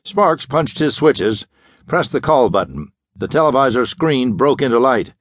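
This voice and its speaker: A man's voice: mid-range voice, big pitch swings, a little slow, no echo. A man narrating a classic pulp sci-fi audiobook in a dramatic, vivid storytelling manner.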